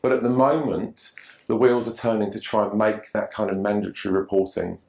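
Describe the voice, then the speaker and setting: Low-voiced New man presenting. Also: fairly even intonation, brisk, creaky, darkish tone. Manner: conversational, repeats words and restarts often. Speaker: presenter from an online safety group. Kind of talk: seminar talk with audience questions. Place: meeting room with live audience. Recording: echoey room.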